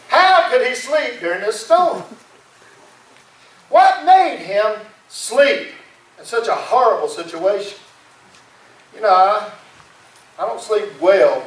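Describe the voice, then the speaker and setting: A man's voice: sits high, expressive, takes it slowly, pauses often. A male pastor preaching a sermon in a folksy, dramatic storytelling way. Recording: echoey room from far off.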